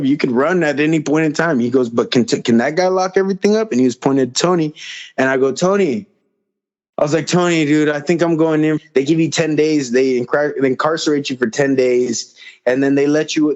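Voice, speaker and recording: Male podcast guest, casual rambling storyteller who acts out dialogue, average pitch, muffled lo-fi mic. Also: darkish tone. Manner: rambling, repeats phrases, acts out quoted dialogue. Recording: slightly dull lo-fi audio.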